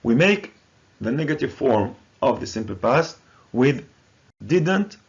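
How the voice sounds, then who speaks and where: A man teaching English grammar with a Moroccan accent, a native Moroccan Arabic speaker who drills each word slowly and deliberately. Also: medium pitch, very animated, breathy edge, highs cut off. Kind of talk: recorded grammar lesson.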